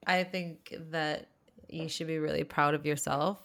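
A woman from the United States hosts a casual podcast over a video call, and her speaking voice sits low. She affirms her guest warmly and laughs easily, keeping the talk relaxed. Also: measured pace. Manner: supportive, affirming, laughs often. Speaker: podcast host. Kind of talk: casual conversation.

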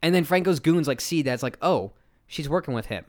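A man's voice: on the high side, lively intonation, brisk, darkish tone. A man co-hosting a podcast, casually recapping a movie and acting out lines in silly voices. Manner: rambling, acts out quotes with silly voices. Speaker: podcast co-host.

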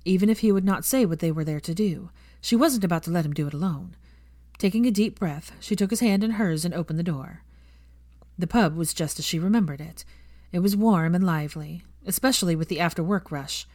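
A woman reading fan fiction aloud, in a steady, measured audiobook narration. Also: fairly low pitch, no room sound, clean studio sound.

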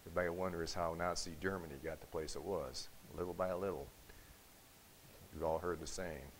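Male pastor, deep bass register, sermon with anecdotes, light tape hiss. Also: fairly even intonation, brisk, poor audio. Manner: storytelling with acted quotes, rising to forceful emphasis. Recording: faint hiss.

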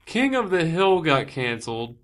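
A man co-hosting a podcast, telling animated stories and swearing as he gets worked up. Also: a little high, moderate pace. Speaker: podcast co-host. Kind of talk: casual chat.

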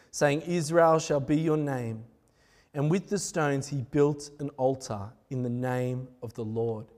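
A man preaching a sermon, retelling scripture in a lively, conversational way with chatty asides. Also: fairly high pitch. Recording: echoey hall.

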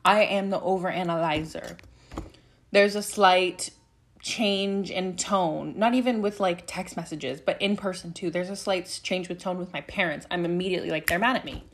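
A woman's voice: on the low side, normal speed. A young woman hosts her own podcast alone, chatting candidly and a little aimlessly. She drifts from thought to thought, swears casually, and sounds open and unfiltered. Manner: rambling, frank, swears freely. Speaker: podcast host. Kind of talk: candid solo podcast chat.

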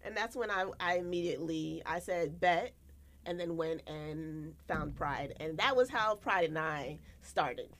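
A young American woman chats casually as a podcast co-host, her voice sitting a little low for a woman. She tells stories in an animated way, leaping up in pitch whenever she acts out what someone said. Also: measured pace, hardly any pauses, slight background noise. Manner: animated, acts out quotes with big pitch jumps. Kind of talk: casual storytelling chat.

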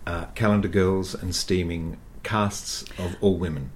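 A man's voice: sits low, fairly even intonation, a little slow, slight background noise. A man interviewing a guest in a casual chat, mostly giving short encouraging replies.

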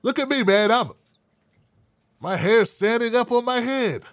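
Sarcastic high-voiced male commentator. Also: a little slow, dry recording. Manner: sarcastic, mocking, profane. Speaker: independent media commentator. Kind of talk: casual online show commentary.

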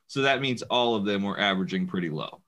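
Brief: male podcast co-host, bright forceful tone, jokey storyteller who laughs a lot. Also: lowish voice, animated, quick pace. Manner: joking, laughs often, storytelling. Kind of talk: casual chat.

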